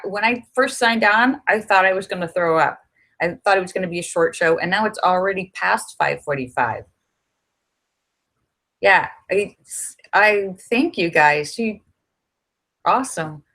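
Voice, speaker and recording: A middle-aged woman hosts a casual livestream chat from her home in Los Angeles, telling a story and acting out what people said, growing animated whenever she quotes someone. Her voice sits in the mid-range and keeps a measured pace.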